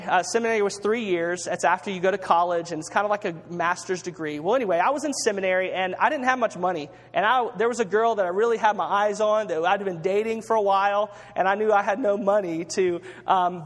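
High-voiced preacher in a reverberant hall. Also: male voice. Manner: chatty, with audience call-and-response and frequent fillers. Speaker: pastor. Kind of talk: conversational sermon.

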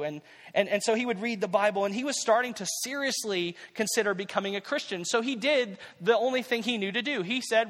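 A man's voice: high-pitched, a little fast, fairly bright tone, long reverb tail. A man preaching a sermon as pastor, conversational and repeating key phrases for emphasis.

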